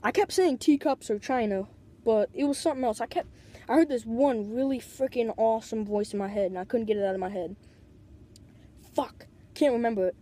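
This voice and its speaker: A woman's voice: on the high side, a little fast, dark tone. Rambling, swearing woman telling a story. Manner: rambling, constant "like" fillers, swears freely. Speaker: vlogger. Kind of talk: casual storytelling. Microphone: tablet.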